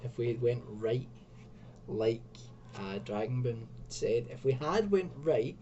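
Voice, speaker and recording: A man reads a choose-your-own-adventure gamebook aloud and chats between passages, poking fun at himself. His tone is mellow and dark. The recording is dull, with a faint hum underneath. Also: medium pitch, lively intonation, takes it slowly. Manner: chatty, self-mocking asides. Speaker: video host. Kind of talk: reading and commenting on an adventure gamebook.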